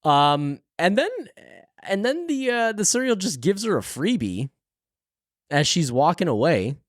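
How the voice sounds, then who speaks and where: A man co-hosting a podcast in a casual book discussion chat, laid-back and quick to laugh. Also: on the high side, very animated, no room sound, clean studio sound. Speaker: podcast co-host.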